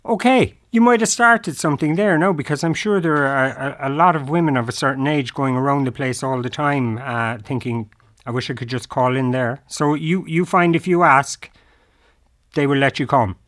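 Teasing radio host, dry sound. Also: male voice, mid-range voice, moderate pace, a bit bright, no echo. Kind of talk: radio interview.

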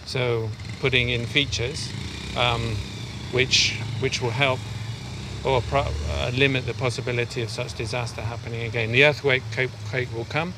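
A man's voice: mid-range voice, little pitch movement, moderate pace, background noise. A man working as an aid worker, explaining things step by step in a field interview on a mountain path. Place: outdoors on a steep mountain path.

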